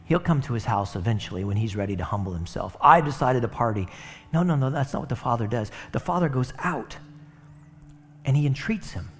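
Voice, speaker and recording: A man's voice: medium pitch, animated, fairly quick, a little mellow, slight background noise. A man preaching a sermon in a conversational way, with rhetorical asides to the congregation. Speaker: pastor.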